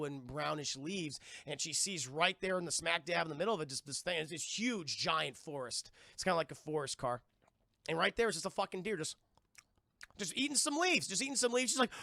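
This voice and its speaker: Gravelly, profane man recapping to chat. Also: a little high, bright, forceful tone, no echo, studio quality. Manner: profane, rambling, talks to chat. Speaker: streamer and cartoon reviewer. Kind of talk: casual livestream episode recap.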